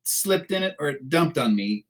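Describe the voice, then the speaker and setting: A man's voice: fairly high pitch, lively intonation, normal speed, rough recording. A middle-aged man, a podcast guest in a studio, telling salty, profane anecdotes with laughs in a casual interview.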